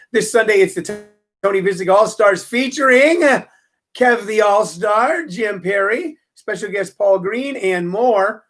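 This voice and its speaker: Man hosting a wry, rambling comic monologue. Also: sits high. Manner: wry, joking, lots of ums and uhs. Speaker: podcast host and comedy teacher.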